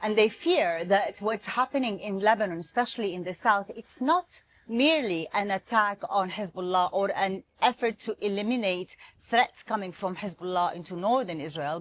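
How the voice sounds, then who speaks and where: A woman's voice: mid-range voice, a little hiss or hum. Woman correspondent reporting down a remote line. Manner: steady, explanatory, fluent reporting. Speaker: foreign correspondent. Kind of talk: news interview answers. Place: remote link.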